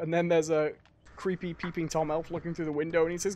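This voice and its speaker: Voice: medium pitch, steady tone, racing, a little mellow. Chatty host rambling on a live stream. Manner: chatty, hesitant, filler-heavy. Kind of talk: casual live-stream chat.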